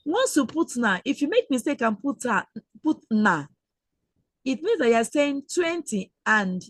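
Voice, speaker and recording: Patient woman teaching slowly over a call. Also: a little high, no echo. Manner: slow and patient, repeats words for learners. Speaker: Igbo language teacher. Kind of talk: online webinar lesson. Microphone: video call.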